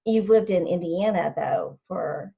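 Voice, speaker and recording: A woman podcast host interviewing a guest over a video call, enthusiastic and quick to laugh. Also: lowish voice, creaky, dark tone. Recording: dull lo-fi call audio.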